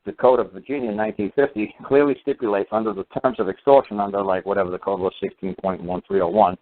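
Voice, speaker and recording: A man's voice: on the low side, steady tone, fast. Man rambling over tinny radio audio. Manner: rambling, many fillers and restarts. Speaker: talk show host. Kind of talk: casual storytelling monologue.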